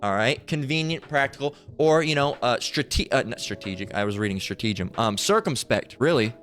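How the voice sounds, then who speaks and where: A man's voice: medium pitch, lively intonation, moderate pace, fairly bright tone, soft background music. A man giving heated religious commentary. He talks bluntly and profanely and keeps checking in with "all right?".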